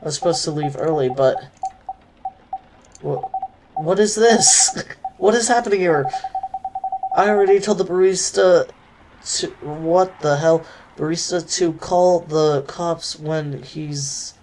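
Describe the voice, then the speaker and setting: A man voicing a flustered young woman who rushes in late and panics, reading a game aloud. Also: a little high, fairly even intonation, far from the mic, natural voice. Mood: panicked. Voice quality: breathless, rattled outbursts. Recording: noisy background.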